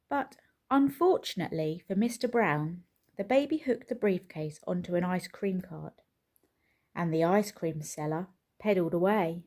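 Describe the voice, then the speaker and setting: Woman storyteller, picture book read aloud, sing-song rise and fall, mellow tone. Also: fairly low pitch. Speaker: children's storyteller.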